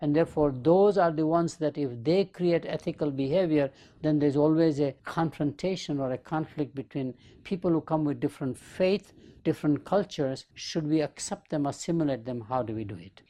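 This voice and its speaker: On his leadership podcast, a business professor lectures at a normal speed in a mellow, slightly high voice. He works through ideas with rhetorical questions and analogies drawn from daily life.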